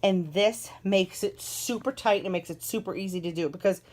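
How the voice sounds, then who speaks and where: This is a parent's car seat review, delivered by a woman whose mid-range, darkish voice moves at normal speed. She's casual and eager, talking easily and doubling up on words for emphasis.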